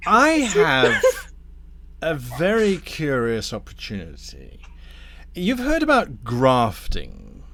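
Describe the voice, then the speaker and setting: A man voicing a smooth, scheming male devil dealmaker who talks with polite, silky menace. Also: mid-range voice, wildly swooping pitch, slow, noisy background.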